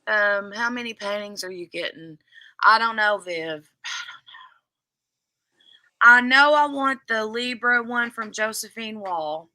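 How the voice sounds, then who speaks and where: A woman with a bright, forceful voice and a Southern US accent from near Louisville, hosting a relaxed craft livestream. She chats and reads viewer comments aloud in a close, dry recording. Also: medium pitch, unhurried, pauses often, no room sound. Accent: Southern US (Kentuckiana). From southern Indiana near Louisville, Kentucky. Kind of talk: casual livestream chat reading comments.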